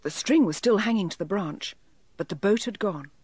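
A woman narrating a children's storybook in a gentle, expressive storytelling manner. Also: mid-range voice, normal speed, breathy edge, no room sound. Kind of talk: storybook reading.

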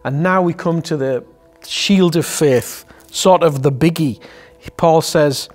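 A man's voice: fairly high pitch, unhurried, darkish tone, soft background music. A man giving an earnest, encouraging daily devotional sermon that ends in prayer. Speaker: devotional speaker.

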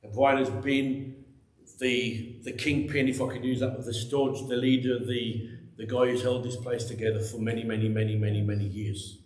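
A pastor with a medium-pitched voice, little pitch movement, and a moderate pace preaches to his church congregation through a microphone. Emphatic yet conversational, he repeats many phrases, and the room sounds echoey.

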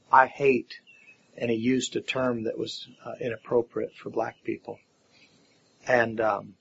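A man's voice: mid-range voice, gravelly, a bit bright. A middle-aged man giving a personal testimony, telling his story plainly with fillers and repeated words. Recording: slightly dull lo-fi audio with faint music.

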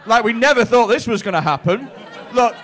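Lively, sweary stand-up comic in his thirties. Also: very high voice, a little fast, some chatter behind. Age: 30s. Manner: chatty, sweary, stammering restarts. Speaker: stand-up comedian doing crowd work. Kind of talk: stand-up crowd work. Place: comedy club stage.

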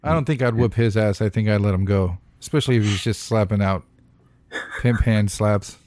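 A man's voice: lowish voice, moderate pace, a little mellow, a little hiss or hum. A man co-hosting a podcast in casual chat, swearing freely and cracking jokes. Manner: heavy casual swearing, wisecracking. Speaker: podcast co-host.

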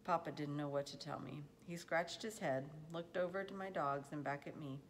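Low-voiced woman reading a novel. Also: a little hiss or hum, low-quality recording. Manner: steady, unhurried storytelling. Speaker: audiobook reader.

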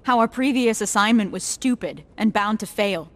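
A woman's voice: medium pitch, unhurried. An actress playing a blunt, profane young female resistance soldier in a video game. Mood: angry. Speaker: soldier, explosives specialist. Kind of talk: video game cutscene acting.

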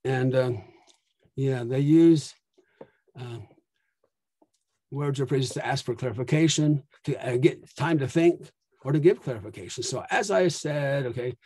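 Mellow-voiced man giving a lecture. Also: mid-range voice, a little slow, pauses often, no room sound. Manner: explanatory, checks in with frequent "okay?". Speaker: conference plenary speaker. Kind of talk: lecture presentation.

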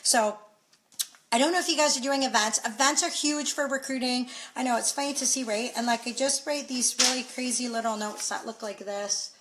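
A woman's voice: a little high, fairly quick, fairly bright tone, slight background noise, rough recording. A woman from Canada chatting casually into her phone, sharing recruiting tips with many fillers. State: out of breath. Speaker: direct sales team leader. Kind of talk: casual live video chat.

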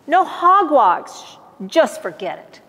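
A woman voicing a group of stubborn, mud-loving pigs in a storybook reading, slowly and defiantly, in a reverberant hall. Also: sits high, very animated, fairly bright tone, full character voice. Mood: dismissive. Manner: slow, defiant chant.

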